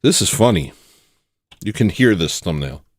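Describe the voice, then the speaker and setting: A man hosting satirical commentary, rambling and joking with loud sudden bursts. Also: deep voice, big pitch swings, normal speed, dry recording, studio quality. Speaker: commentary host.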